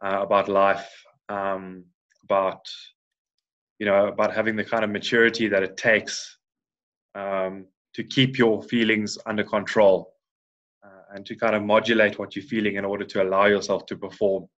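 Lowish voiced guy in his 30s, rambly podcast guest, kinda muffled audio. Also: level tone, normal speed, a bit bright. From South Africa. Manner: rambling, many restarts and fillers. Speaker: guest, former Paralympic swimmer. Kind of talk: casual podcast interview. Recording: dull lo-fi sound.

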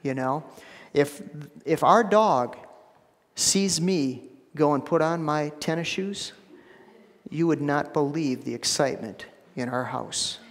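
A man preaching a sermon as pastor, emphatic, repeating phrases and dropping to a hushed low voice for stress. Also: slow, long reverb tail. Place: church sanctuary.

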